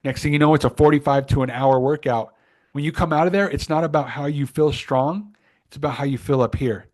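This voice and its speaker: A man's voice: a little high, a little fast, darkish tone. A man co-hosting a podcast in casual motivational chat, talking in an earnest, emphatic, coaching way. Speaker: podcast co-host.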